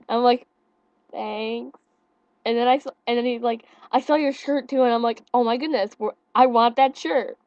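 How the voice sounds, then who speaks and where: Quiet awkward teen girl telling her story, highish voice, dry muffled webcam. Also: steady tone, normal speed, no room sound. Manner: shy, awkward, soft-spoken. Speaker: friend of the vlogger. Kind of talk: casual storytelling.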